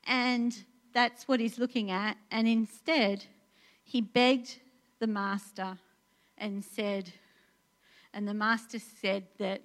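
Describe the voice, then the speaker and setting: A woman delivering a sermon in a chatty, earnest tone, often pausing on fillers and restarting her sentences. Her voice sits in an ordinary middle pitch for a woman. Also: steady tone, a bit bright. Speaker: preacher. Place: church in Portugal.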